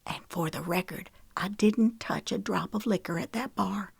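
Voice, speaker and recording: A woman's voice: mid-range voice, normal speed, vocal fry, slightly rough, no room sound, clean studio sound, voice pushed up, full character voice. Tearful young woman, read by a woman narrator. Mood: tearful soft. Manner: soft, near whisper, trembling.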